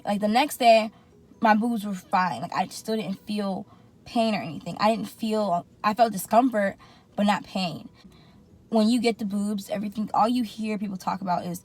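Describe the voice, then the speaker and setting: Girl vlogging, kinda high voice, acts out her reactions, a bit sore. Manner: animated, acts out her own reactions in quotes. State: in some pain after surgery. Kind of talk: casual storytime vlog.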